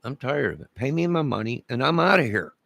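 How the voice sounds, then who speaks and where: A man's voice: medium pitch, big pitch swings, fairly quick, vocal fry, a bit bright, no echo. A man delivering an angry, profane, repetitive rant to camera, making demands over and over. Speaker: vlogger.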